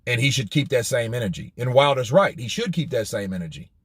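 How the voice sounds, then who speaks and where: A man hosting a boxing news channel, talking in an animated, profane way and firing off rhetorical questions. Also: medium pitch, fairly quick, husky, no echo, clean studio sound. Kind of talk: commentary vlog.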